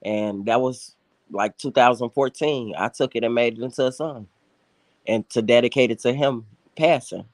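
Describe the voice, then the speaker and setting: A man in a casual group chat, giving steady advice with frequent ums. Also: medium pitch, normal speed, no echo. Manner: advising, steady, filler-heavy.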